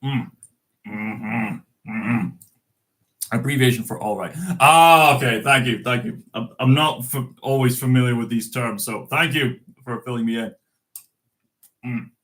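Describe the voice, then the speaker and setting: Man, young adult, bright voice, unhurried delivery, chatty host stumbling over old verse. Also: medium pitch. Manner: stumbling and laughing through a Scots poem, chatty aside. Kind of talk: live-stream chat with a poem reading.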